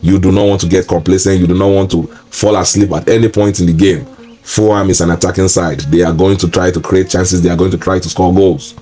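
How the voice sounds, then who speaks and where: A man's voice: sits low, steady tone, fairly quick, dark tone. A man hosting a solo football preview, ranting in an exasperated, repetitive way. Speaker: football pundit and show host. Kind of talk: solo match preview commentary.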